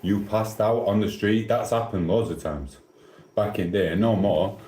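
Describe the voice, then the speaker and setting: A middle-aged man from England with a Sheffield accent answers his livestream chat in a lowish, mellow, unhurried voice. He's chatty and cheeky, rambles casually and swears now and then. The room sounds echoey.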